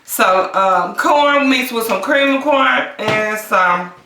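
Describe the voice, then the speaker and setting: A woman's voice: a little high, expressive, slow, over music. A woman hosting a mukbang eating vlog from home, exuberant, breaking into song and cheers, then murmuring over her food. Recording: echoey room, mic at a distance, faint hiss.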